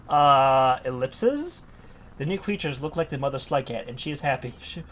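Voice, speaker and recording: A man's voice: medium pitch, expressive, normal speed, faint music behind. A man streaming, reading a text adventure aloud and reacting live, laughing often and swearing in surprise.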